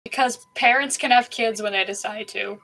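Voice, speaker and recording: Bright young woman tossing in quips. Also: on the high side, creaky, low-quality recording. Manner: quick jokey interjections and questions. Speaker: podcast co-host. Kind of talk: casual chat among friends. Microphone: own mic on an online call.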